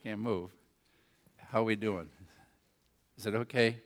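An older man preaching a sermon as a rambling story, folksy and self-deprecating, with quick asides to the congregation and a rural turn of phrase. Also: on the low side, fairly even intonation, a little hiss or hum. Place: church auditorium. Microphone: handheld or headset mic.

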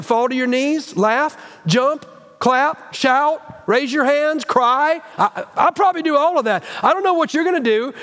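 A middle-aged man preaching a sermon as a guest speaker, folksy and animated, often restarting his sentences. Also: high-pitched, in a large hall. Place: church sanctuary.

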